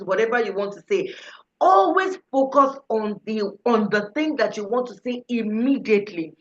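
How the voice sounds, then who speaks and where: A woman's voice: on the high side, animated, normal speed. A woman teaching public speaking to a live class, coaching directly and acting out examples. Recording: echoey room, dull lo-fi sound.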